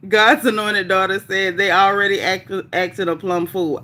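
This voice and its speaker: A woman hosting a casual livestream, reading viewer comments aloud in a chatty, animated, folksy way. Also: mid-range voice, takes it slowly. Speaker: livestream host reading chat. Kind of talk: casual live chat.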